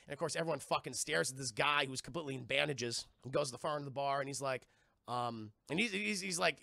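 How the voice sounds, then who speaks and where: Gravelly, bright-voiced man recapping a show. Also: medium pitch, no echo, studio quality. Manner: profane, rambling, acts out characters in quick impressions. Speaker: TV review streamer. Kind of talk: casual live-stream recap.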